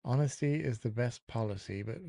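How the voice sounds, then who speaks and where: A man on a podcast works through quiz clues out loud, muttering names to himself as he goes. He talks in a mid-range, everyday voice. The recording is close and dry. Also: mid-range voice, a little fast, vocal fry, no room sound. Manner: thinks aloud, mutters through lists of names. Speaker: podcast co-host guessing clues. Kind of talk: casual podcast quiz banter.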